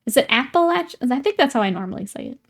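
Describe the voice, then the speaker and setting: A woman's voice: sits high, very animated, quick pace. A young woman chatting casually with her live-stream viewers while painting miniatures, laughing often and greeting newcomers.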